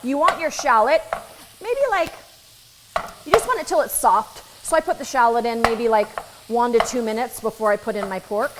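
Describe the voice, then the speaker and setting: A woman's voice: on the high side, normal speed. A woman chef giving a casual cooking demonstration in a kitchen, chatty and joking, with asides to the viewers. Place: kitchen at the stove. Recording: sizzling pan noise behind the voice.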